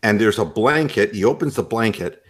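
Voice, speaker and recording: A man's voice: lowish voice, moderate pace. A male radio host in comic chat, telling stories and laughing often. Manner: animated storyteller, laughs often.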